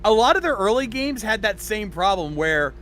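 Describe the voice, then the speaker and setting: A man on a casual gaming podcast, telling industry history with enthusiasm. His voice is high for a man and sharply bright. A faint hum sits behind his mic. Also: very animated, normal speed. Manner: storytelling, explains history with enthusiasm. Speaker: podcast co-host.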